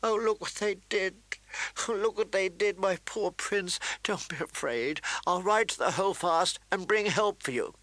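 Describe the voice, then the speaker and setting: A man voicing a tearful young noble girl, pleading in a high, shrieking falsetto. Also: expressive, moderate pace, hardly any pauses, bright, forceful tone, dry recording. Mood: sobbing.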